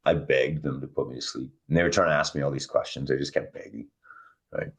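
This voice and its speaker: Deep husky-voiced man telling his story. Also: steady tone, a little fast. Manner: raw, intense, voice rising and dropping with emotion. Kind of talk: emotional first-person storytelling.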